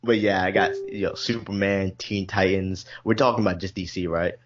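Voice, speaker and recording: Deep-voiced sarcastic man on a dull recording. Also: fairly even intonation, brisk. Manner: blunt, sarcastic, joking. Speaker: podcast co-host. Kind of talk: casual chat. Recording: dull lo-fi audio.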